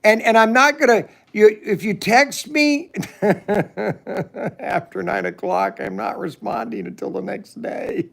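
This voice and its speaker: Slow, gravelly middle-aged man. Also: high-pitched, animated. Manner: rambling, chats with viewers' comments. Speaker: livestream host. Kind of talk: casual livestream chat. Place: shed.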